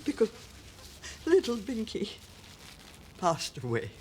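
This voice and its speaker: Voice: mid-range voice, huge pitch swings, slow, a little mellow, a little hiss or hum. An actor playing a prim, reserved older woman customer with grandchildren, in a comedy sketch. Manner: prim, evasive.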